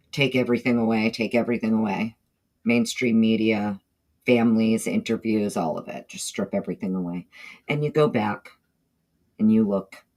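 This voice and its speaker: This livestream host is a woman from the northeastern United States who speaks with a Southern drawl in a very deep, darkish voice. Her stream is casual and chatty, and between thoughts she greets chat members by name.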